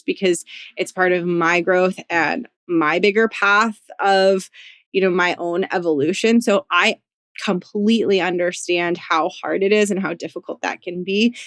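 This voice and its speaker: A woman career coach hosting her own podcast, talking alone in a gentle, encouraging way, with many "like"s and "you know"s. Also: fairly low pitch, dry recording, studio quality. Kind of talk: solo podcast monologue.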